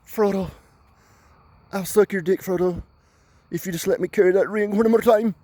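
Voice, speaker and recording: A man voicing a whiny, lovestruck male hobbit sidekick in a high, pleading squeal. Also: fairly even intonation, normal speed, warm tone, dry recording, close to an everyday voice.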